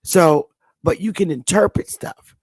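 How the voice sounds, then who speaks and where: A woman's voice: on the low side, a little slow, darkish tone, slightly rough, no room sound. A woman hosting her own channel, telling a rambling story in a casual monologue, often repeating and restarting words. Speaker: channel host.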